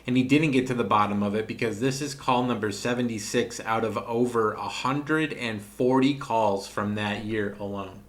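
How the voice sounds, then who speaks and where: A man's voice: lowish voice, moderate pace, hardly any pauses. A man narrating commentary over prank call recordings with dry, mocking asides.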